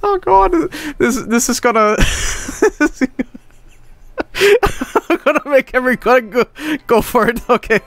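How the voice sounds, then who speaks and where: Excitable high-voiced male streamer. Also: takes it slowly, vocal fry. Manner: excitable, frequent laughter and swearing. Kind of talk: casual game stream commentary.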